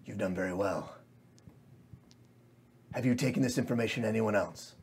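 A man's voice: lowish voice, moderate pace, a little mellow, slight background noise, close to an everyday voice. A man doing a cold, murmuring Fae master. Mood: menacing. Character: scheming male Fae master, cold and cruel.

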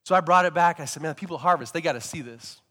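A man preaching a sermon, telling stories in a lively way and sometimes rising to emphatic shouts. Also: a little high, rapid-fire, long reverb tail. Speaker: pastor.

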